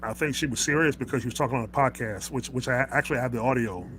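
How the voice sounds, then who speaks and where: A man's voice: mid-range voice, quick pace, crowd noise, low-quality recording. A man hosting a casual wrestling talk show, ranting in a heated, rambling way, with many stammers and restarts. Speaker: host.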